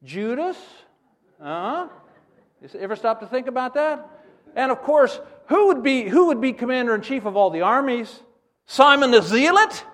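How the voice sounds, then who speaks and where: A man preaching a sermon in an animated way, acting out scenes as he teaches. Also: extremely high pitch, normal speed. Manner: animated, acts out scenes in character voices.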